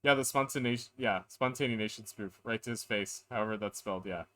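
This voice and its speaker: A man streaming a game live, chatting casually and reading lines in a flat monotone. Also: lowish voice, fairly quick. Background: game music.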